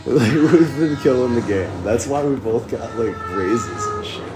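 A young man hosting a casual podcast, high and rambling, with lots of swearing and giggling. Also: animated, measured pace, music in the background. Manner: rambling, profane, giggly stoner talk. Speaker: podcast host. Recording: noisy amateur room recording.

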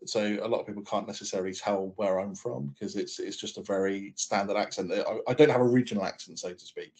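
A man from the south coast of England with a southern English accent, chatting casually on a podcast and often pausing with ums and restarts. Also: lowish voice, steady tone, a little mellow. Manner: hesitant, restarts sentences, lots of ums. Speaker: podcast co-host. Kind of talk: casual chat.

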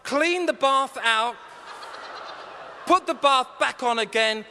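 A man preaching a humorous, story-driven sermon, self-mocking and animated, then earnest and urgent. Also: extremely high pitch, slow, slight background noise. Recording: long reverb of a large hall.

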